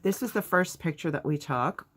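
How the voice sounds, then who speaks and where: A woman's voice: low voice, lively intonation, moderate pace, fairly bright tone, husky. Chatty upbeat woman vlogger. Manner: chatty and upbeat, with lots of fillers and asides. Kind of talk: casual vlog recap.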